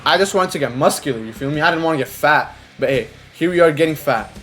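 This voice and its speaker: A teenage man chatting casually over gameplay in a slangy, rambling way, with sudden excitable outbursts. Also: on the high side, fast, hardly any pauses, soft background music. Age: teens. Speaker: gaming creator.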